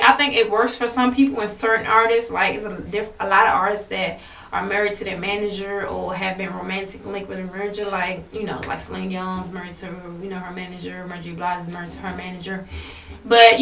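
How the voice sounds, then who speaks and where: A young woman talks through a reality-show episode in a loose, rambling way, padding her sentences with fillers and restarts. Her voice is bright and forward. The room is echoey, and she sits back from the mic. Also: medium pitch, fairly even intonation, brisk, recorded from a distance. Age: 20s. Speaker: vlogger reviewing a reality show. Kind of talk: casual chat.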